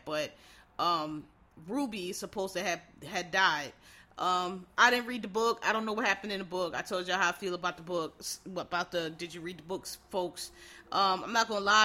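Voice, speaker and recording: A casual vlogger reviews a show in a loose, unscripted monologue. The voice sounds crisp and bright. The talk is blunt and opinionated, full of fillers, restarts and swearing. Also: mid-range voice. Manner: frank, opinionated asides to viewers.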